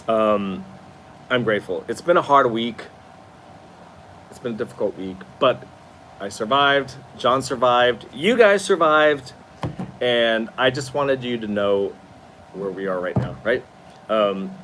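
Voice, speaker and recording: A man's voice: mid-range voice, a bit bright, slight background noise. A tired man hosting a casual live stream from his new apartment, chatting expressively and answering viewer comments. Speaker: livestream host.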